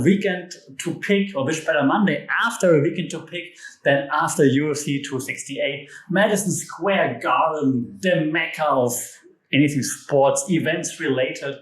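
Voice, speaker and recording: A man from Europe hosting a solo podcast, talking casually with enthusiasm, emphatic jokey asides and restarts. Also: a little high. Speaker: podcast host. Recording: echoey room.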